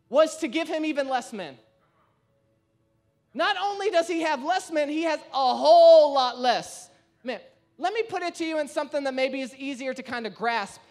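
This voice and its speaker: A man preaching a sermon, telling a story with lively acted-out quotes. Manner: animated storytelling, acts out quoted voices with shifts in pitch and loudness. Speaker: pastor.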